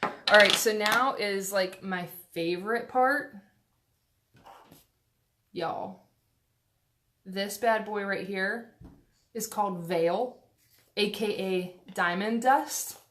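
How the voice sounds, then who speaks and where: A chatty woman talks her way through a makeup tutorial at home, full of fillers, little asides and self-deprecating jokes. Her voice sits in an ordinary middle pitch and comes through a phone camera. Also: slow pace, pauses often, a bit bright. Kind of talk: casual live-stream makeup tutorial.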